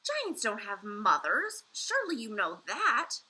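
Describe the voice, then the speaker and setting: A woman's voice: mid-range voice, expressive, moderate pace. A woman reading aloud, voicing a very old, friendly male giant who talks in muddled, ungrammatical English. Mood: booming. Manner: jumbled grammar, loud and emphatic.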